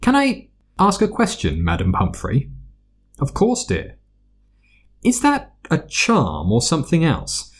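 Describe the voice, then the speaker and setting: A man's voice: on the high side, huge pitch swings, takes it slowly, pauses often, slightly rough, voice pushed up, full character voice. A man doing a prim, inquisitive schoolgirl. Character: earnest bookish schoolgirl, eleven.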